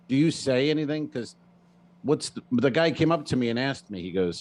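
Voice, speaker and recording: A man with a Rhode Island accent, a comedian co-hosting a podcast, telling a rambling story in deadpan complaints with lots of fillers. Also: medium pitch, quick pace. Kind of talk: casual comedy podcast chat.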